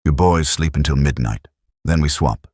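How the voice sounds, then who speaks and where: A man's voice: a bass voice, normal speed, a little mellow, no room sound, studio quality. A man voicing a blunt, practical Welsh platoon sergeant with a Welsh accent who takes charge.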